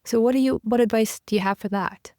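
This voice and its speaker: A woman's voice: on the high side, steady tone, quick pace, dark tone, no echo, studio quality. A woman hosting a podcast interview, affirming her guest and sharing personal anecdotes. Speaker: podcast host. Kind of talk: casual interview chat.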